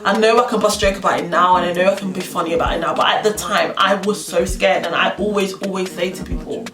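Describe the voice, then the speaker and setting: A woman's voice: medium pitch, steady tone, quick pace. A young woman, telling a story to camera and acting out the quotes with slang. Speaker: vlogger. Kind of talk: storytime vlog. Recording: roomy sound from a distance with music.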